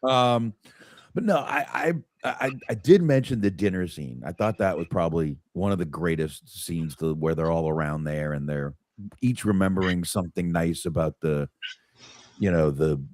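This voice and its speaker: A man's voice: deep voice, normal speed, darkish tone, no echo, clean studio sound. A man co-hosting a casual movie review podcast, swearing often and restarting his sentences. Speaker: podcast co-host.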